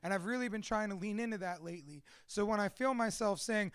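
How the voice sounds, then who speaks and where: A man's voice: sits high, brisk, hardly any pauses, a bit bright, smooth, no echo, studio quality. A man giving a blunt, candid talk to a live audience, swearing constantly as he speaks. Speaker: speaker at a live storytelling event.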